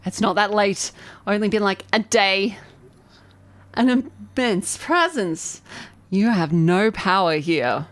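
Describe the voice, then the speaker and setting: A woman streaming a game live, chatting excitably and reading the game's narration aloud. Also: medium pitch, takes it slowly, no room sound. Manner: excitable, chatty, self-deprecating. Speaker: vtuber streamer.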